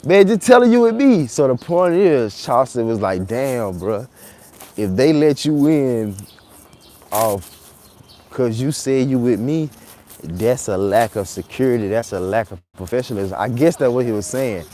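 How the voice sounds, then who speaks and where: A man's voice: mid-range voice, a little slow, slight background noise. A man, telling a story live while walking city streets in the rain, recorded on a phone. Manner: animated retelling, acts out quotes loudly, then muses quietly. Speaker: vlogger.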